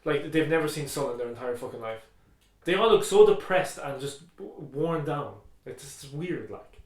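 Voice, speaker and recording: A man's voice: fairly high pitch, lively intonation, normal speed, darkish tone. A young man co-hosting a podcast, chatting casually, loose and swearing freely. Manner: loose and crude, swears a lot. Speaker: podcast co-host. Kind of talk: casual chat. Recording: echoey room.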